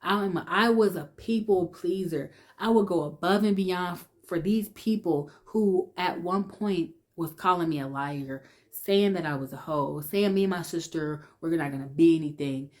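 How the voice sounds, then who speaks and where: Woman with a low voice telling her testimony, emotional, lots of restarts, goes hushed sometimes. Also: moderate pace, hardly any pauses. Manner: emotional, conversational, many restarts; drops to a hush when reliving fear. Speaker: vlogger sharing her testimony. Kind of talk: personal testimony storytelling.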